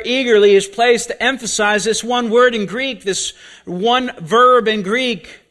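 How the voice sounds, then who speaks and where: A male preacher with a fairly high voice delivers a sermon at an unhurried pace. He is deliberate and often repeats key words to drive a point home. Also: a bit bright.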